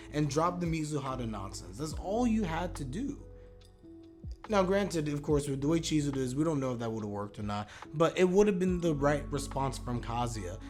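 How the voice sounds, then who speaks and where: A man's voice: a little high, expressive, brisk, a little mellow, faint music behind. A young man talking casually and animatedly in a video review, rambling with fillers and restarts. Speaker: manga reviewer.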